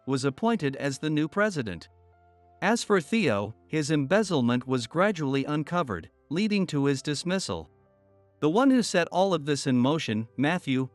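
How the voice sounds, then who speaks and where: A man reading a first-person story in an even, measured storytelling voice. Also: on the high side, no echo. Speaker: narrator.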